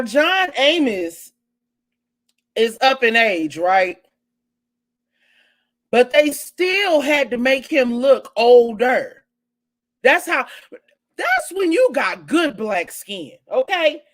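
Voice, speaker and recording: A woman hosting her own live online show, chatting casually and animatedly with viewers, full of exclamations and asides. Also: a little high. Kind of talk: casual live-stream chat.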